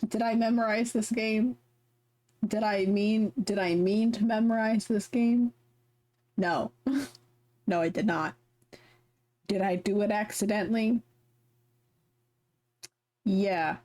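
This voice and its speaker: A woman's voice: medium pitch, fairly even intonation, takes it slowly, pauses often, dark tone. A young adult woman streaming a game, chatting casually in a giggly, rambling, self-deprecating way and reading the story aloud. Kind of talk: casual chat while playing a game.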